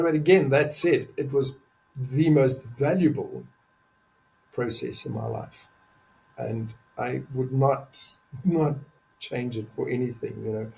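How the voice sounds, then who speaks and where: An older man talks in a candid interview with a gravelly, creaky edge to his voice. He speaks earnestly and emphatically, often repeating words to drive a point home. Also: medium pitch, dark tone, low-quality recording. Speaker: podcast guest, men's advocate.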